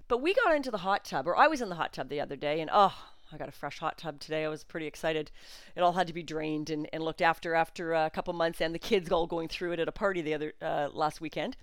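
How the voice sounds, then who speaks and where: A woman's voice: low voice, dry recording, studio quality. A middle-aged woman hosting a podcast, telling a personal story in an emotional, chatty way with frequent fillers. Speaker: podcast host.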